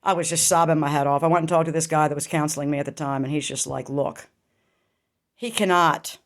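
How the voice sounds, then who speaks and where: A woman's voice: sits low, little pitch movement, rapid-fire. A middle-aged woman speaks straight to camera in a personal vlog. Her delivery is raw and intense, peppered with swearing and pointed rhetorical questions. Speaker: vlogger. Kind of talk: emotional personal storytelling.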